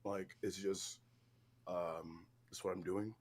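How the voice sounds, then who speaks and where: A man's voice: sits low, steady tone, takes it slowly, voice pushed down. A man doing an impression of a listless young male streamer who mumbles through filler words.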